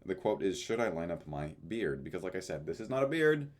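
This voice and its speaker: Low-voiced young man reading his journal. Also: big pitch swings, a little fast. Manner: offhand, dry asides, frequent "uh" fillers. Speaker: vlogger. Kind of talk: casual reading of journal entries.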